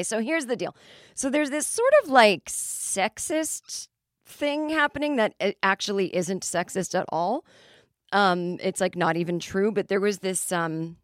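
A woman's voice: medium pitch, no room sound, clean studio sound. A woman in her forties hosting a comedy podcast, telling rambling stories. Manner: rambling, self-interrupting storyteller with quick asides. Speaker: podcast host. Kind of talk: casual comedic monologue.

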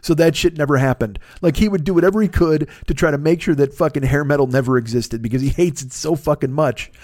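A man's voice: a little high, fast, a little mellow, no echo, clean studio sound. A man hosting a podcast, telling a story in a casual monologue, swearing a lot and sounding exasperated. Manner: profane, exasperated ranting. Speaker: podcast host.

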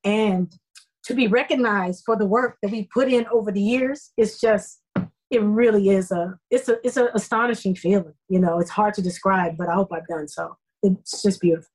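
A middle-aged woman, a soap opera actress, telling stories in a casual interview, effusive and animated with many fillers. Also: mid-range voice, moderate pace, low-quality recording.

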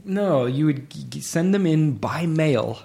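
A man in casual chat, telling a story in a relaxed, easygoing way. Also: a little high, unhurried, creaky, noisy background.

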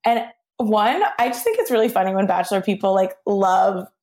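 A woman's voice: medium pitch, a little fast, a little mellow. A woman hosting a podcast in casual chat, rambling and hedging with lots of "like". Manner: rambling, hedging, heavy use of "like". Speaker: podcast host.

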